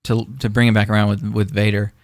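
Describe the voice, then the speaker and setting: A man's voice: lowish voice, level tone, quick pace, darkish tone, no echo, studio quality. A man co-hosting a podcast in casual chat, rambling with lots of fillers and restarts. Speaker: podcast co-host.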